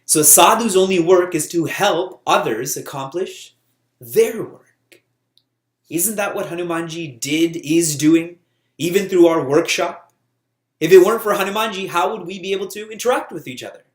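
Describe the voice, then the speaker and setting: A man giving a spiritual talk as a teacher, lively and often laughing as he tells stories. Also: high voice, moderate pace, echoey room.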